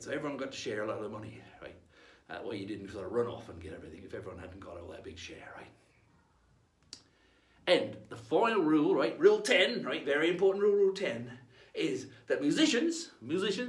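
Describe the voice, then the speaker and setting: Lively man teaching as a pirate. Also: on the high side. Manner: playful, tags nearly every line with "right?". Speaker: pirate-themed history presenter. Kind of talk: in-character educational talk. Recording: echoey room, mic at a distance.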